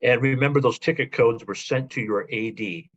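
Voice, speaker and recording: A man's voice: mid-range voice, moderate pace, breathy edge, highs cut off. A man briefing coaches in a webinar, methodical and full of "uh" and "um" fillers. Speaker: athletic association administrator. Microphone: video call.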